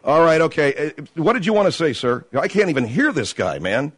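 A man hosts a talk radio call-in show, exasperated and cutting callers off. His pitch moves a lot. The sound is dry and close. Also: sing-song, slightly rough, no echo. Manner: exasperated, quick to cut callers off.

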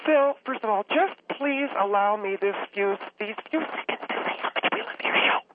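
A man's voice: high-pitched, normal speed, pitched above the performer's own voice, lightly acted. A man voicing a gushing, rambling woman caller who gets choked up and talks on and on. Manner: effusive, rambling, easily choked up. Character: gushing middle-aged woman caller, flustered and chatty. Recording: tinny phone line with faint hiss.

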